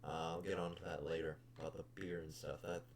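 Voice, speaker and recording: With a bass voice, flat delivery, and a fairly quick pace, a young podcast host bluntly rants about customers, swearing a lot and sounding exasperated. There's slight background noise in this casual storytelling clip.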